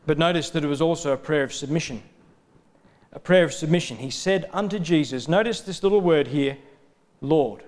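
A man preaching a sermon in a steady, rhythmic cadence, building lists of parallel phrases. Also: on the high side, moderate pace.

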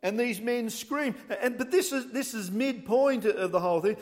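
A man's voice: very high-pitched, moderate pace, few pauses, in a large hall. A man preaching a sermon, emphatic, reading scripture aloud in old-fashioned wording.

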